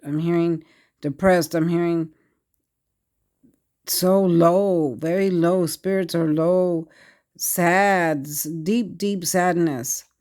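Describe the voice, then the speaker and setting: A tarot reader, talking to viewers in short, halting, repetitive bursts of earnest speech. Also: mid-range voice, darkish tone. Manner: earnest, addresses viewers directly. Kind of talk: tarot card reading monologue.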